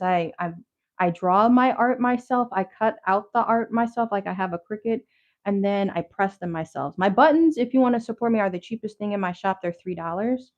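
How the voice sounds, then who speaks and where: A woman hosting a casual livestream, chatting to viewers with lots of fillers and slang, a little out of breath. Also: medium pitch. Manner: chatty and rambling, many fillers and restarts. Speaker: livestream host showing handmade crafts. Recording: slightly dull lo-fi stream audio.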